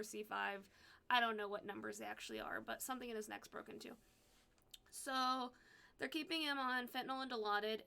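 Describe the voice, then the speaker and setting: A young woman recounts a story in a casual, blunt way, swearing freely and acting out what others said. Her voice is bright and somewhat high, with a gravelly edge. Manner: blunt, profane, animated retelling with quoted dialogue. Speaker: vlogger telling a personal story.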